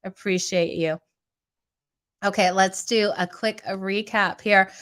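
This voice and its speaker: A woman runs through her sports betting picks in a casual, chatty way, often calling her viewers "you guys". Her voice sounds raspy and strained today. Underneath the strain it has a smooth, resonant tone at a middle pitch. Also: steady tone, slow pace, a bit bright. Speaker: sports betting podcast host.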